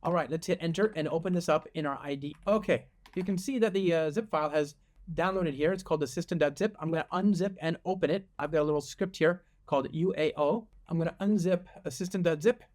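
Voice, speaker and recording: Man, slightly high voice, tutorial host, animated, joking, restarts sentences. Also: fast. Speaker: host and software developer advocate. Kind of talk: casual coding tutorial.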